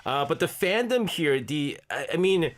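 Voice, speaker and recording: Lively-voiced male radio host. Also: a little high, normal speed. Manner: explains at length, hedging with "I think" and "uh". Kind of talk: casual chat on a radio talk show.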